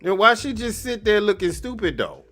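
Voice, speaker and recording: A man hosting a show, riffing on a replayed clip in casual, slangy commentary, animated and mocking, laughing often. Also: high-pitched, a little fast, loud music behind the voice. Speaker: podcast host reacting to a clip.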